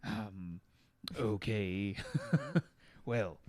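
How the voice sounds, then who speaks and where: A man's voice: on the low side, fairly even intonation, extremely slow, no room sound. A man playing a tabletop game, hesitant and thinking aloud as he plans his move. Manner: hesitant, ponders aloud with fillers. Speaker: player.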